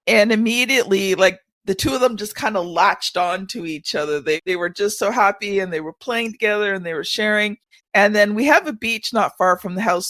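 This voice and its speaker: An older woman hosting a podcast, telling stories in a chatty, animated way. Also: mid-range voice, no echo. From Canada. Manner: chatty storyteller, acts out children's voices. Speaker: podcast host. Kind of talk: casual chat.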